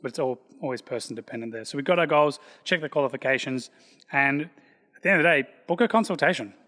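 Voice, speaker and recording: A man, a personal trainer and gym founder, talking in a loud, energetic, casual podcast style. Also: mid-range voice, fast. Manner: loud, energetic, self-described loud guy. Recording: long hall reverb.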